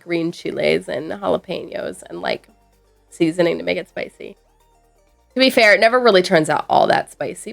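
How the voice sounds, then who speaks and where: Chatty woman streamer with vocal fry. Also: lowish voice. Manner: rambling, chatty, reacts to chat messages with playful asides. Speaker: live streamer. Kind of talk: casual chat with viewers.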